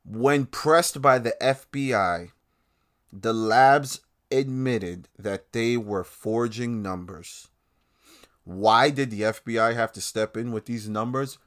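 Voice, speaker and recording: A man's voice: lowish voice, a bit bright. A man hosting his own podcast, ranting in a heated, profane and sarcastic way. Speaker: podcast host. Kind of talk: casual ranting commentary.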